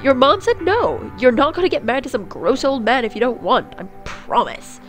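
A woman's voice: high voice, big pitch swings, moderate pace, soft background music, voice pushed up. A woman voicing a sassy, reassuring female AI companion in a video game. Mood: sassy soothing.

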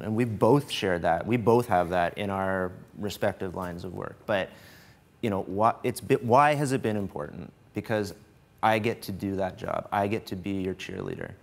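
A man speaking as a guest before a live studio audience, relaxed and good-humoured. His voice sits on the low side, and he talks in an unhurried, reflective way, breaking into light jokes. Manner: easygoing, joking, thoughtful pauses. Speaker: host's husband, guest. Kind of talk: casual on-stage conversation.

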